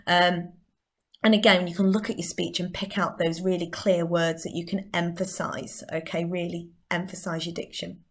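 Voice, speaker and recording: A woman's voice: fairly low pitch, level tone, normal speed. A woman with a Northern English accent, a drama teacher giving a chatty recorded lesson and explaining step by step.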